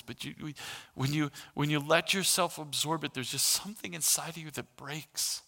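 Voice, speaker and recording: A middle-aged male pastor preaching in an earnest sermon that climbs into passionate emphasis. His voice is bright and edged with gravel, pitched a little high for a man, and it rings out in a long hall reverb. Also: steady tone, moderate pace. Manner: earnest, rises to impassioned emphasis.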